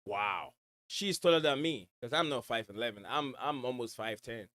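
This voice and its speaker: A man's voice: medium pitch, normal speed, fairly bright tone. A man from West Africa with an accent blending West African and American, hosting a casual fan livestream at home and reading viewer messages in a rambling way, with many fillers and repeated words. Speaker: livestream host.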